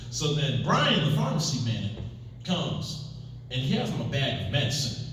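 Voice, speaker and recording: A man doing a stand-up comedy set, telling stories with lively acted-out quotes. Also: medium pitch, normal speed, slight background noise. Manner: animated storytelling with acted-out quotes. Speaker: stand-up comic. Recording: very echoey room, mic far off.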